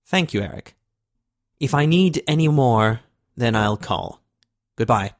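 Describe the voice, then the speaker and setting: Man voicing an excitable, impatient president. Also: medium pitch, unhurried, natural voice. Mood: formal. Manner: eager, pressing questions.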